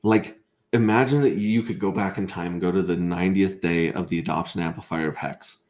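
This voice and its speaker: A man with a somewhat low voice runs a casual livestream and reads out viewers' comments. He talks excitably and rambles, tripping over his words and restarting sentences as he goes. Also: brisk. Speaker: livestream host.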